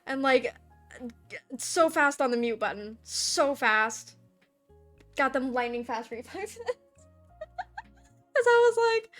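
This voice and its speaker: A young woman streams her art, chatting casually and giggling as she draws, now and then cooing baby talk at her cat. Her voice is high-pitched and very animated, yet she speaks slowly with frequent pauses. Soft music plays in the background.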